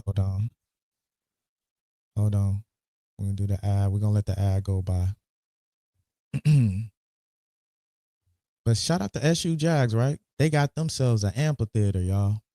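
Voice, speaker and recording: A man hosting a casual commentary livestream, animated and teasing, often repeating words as he talks. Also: lowish voice, unhurried, pauses often, dry recording, studio quality. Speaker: podcast host.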